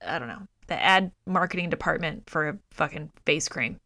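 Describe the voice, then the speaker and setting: A woman co-hosting a podcast, recapping a film in a profane, exasperated, animated way. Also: low-pitched, moderate pace, dry recording, studio quality. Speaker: podcast co-host. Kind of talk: casual movie review chat.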